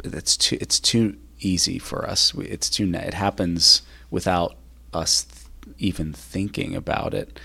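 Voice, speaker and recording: A man co-hosting a casual faith podcast who speaks in a measured way and thinks aloud. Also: low voice, vocal fry, fairly bright tone. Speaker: podcast co-host.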